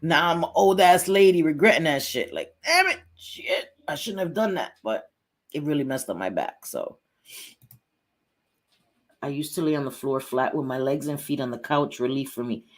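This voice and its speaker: A woman's voice: deep voice, lively intonation, moderate pace. A middle-aged woman hosting a casual livestream, chatting bluntly, swearing freely and greeting viewers by name. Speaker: livestream host.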